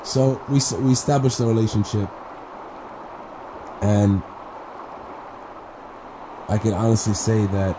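A man casually telling a personal faith story, talking haltingly with restarts, repeated words and many fillers. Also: on the low side. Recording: clear background ambience noise.

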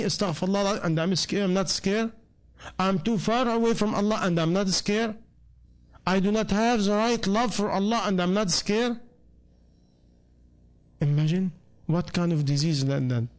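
A man's voice: high-pitched, normal speed, long pauses. A man giving a sermon who keeps putting rhetorical questions to his listeners and speaks English with non-native grammar. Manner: rhetorical questions put to the audience. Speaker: preacher.

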